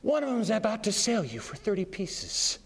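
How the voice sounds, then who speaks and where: A man's voice: high-pitched, huge pitch swings, normal speed, a bit bright, slightly rough, heavily acted. A man doing a sly, whispering devil. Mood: taunting. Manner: mocking, wheedling whisper. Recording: long reverb of a big hall.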